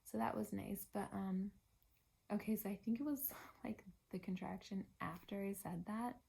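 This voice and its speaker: A young woman telling a personal story in a relaxed, chatty way. Her voice is gravelly with a husky, breathy edge, and she often sinks into a soft half-whisper. Her pitch sits at an ordinary middle level. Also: normal speed. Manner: chatty, drops to a hushed, partly whispered voice. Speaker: vlogger. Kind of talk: casual storytelling.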